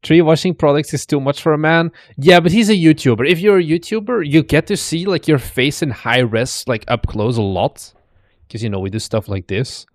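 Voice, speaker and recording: A man's voice: mid-range voice, dry recording. Chatty man roasting setups, dry close sound. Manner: chatty, teasing, thinks aloud. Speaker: streamer host. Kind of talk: casual commentary reacting to videos.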